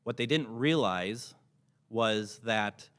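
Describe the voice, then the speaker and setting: A man's voice: fairly low pitch, slow pace, fairly bright tone. A man talking casually to a convention audience as a paranormal investigator, chatty and enthusiastic, often restarting his sentences. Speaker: paranormal investigator giving a convention panel talk. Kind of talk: casual presentation to a live audience. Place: convention panel room. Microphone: microphone in front of him. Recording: noisy room recording with clicks.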